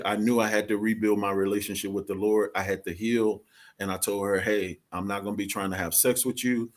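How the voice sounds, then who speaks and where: A man speaking as a guest, telling his story in an earnest, confessional way with casual slang. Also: fairly low pitch. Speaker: podcast co-host, guest. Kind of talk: candid personal testimony.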